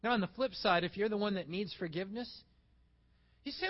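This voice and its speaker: Guy preaching with a pretty high voice, acts out back-and-forth bits, kinda muffled recording. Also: brisk, long pauses. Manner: animated preaching, acting out little dialogues. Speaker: pastor. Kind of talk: sermon.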